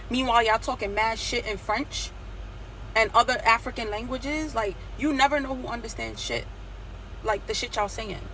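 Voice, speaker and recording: A woman's voice: a little high, a little hiss or hum, low-quality recording. A woman from Nigeria telling a story in a blunt, profane rant, acting out the lines of the people in it. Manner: blunt, profane, animated retelling with quoted dialogue.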